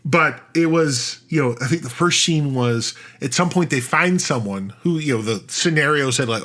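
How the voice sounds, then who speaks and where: Rambling, animated male podcast host. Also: mid-range voice, moderate pace, few pauses. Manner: rambling, animated, many restarts and fillers. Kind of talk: casual storytelling chat.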